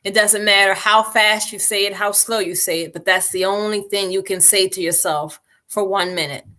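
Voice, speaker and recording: A woman hosting a livestream, guiding listeners through meditation with calm, unhurried instructions and easy laughter. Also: mid-range voice. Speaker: meditation host.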